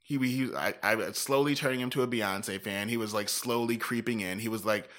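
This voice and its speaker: A man in a casual chat, telling a lively, profane story and acting out what people said. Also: fairly low pitch, a little fast. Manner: animated, profane storytelling with acted-out quotes.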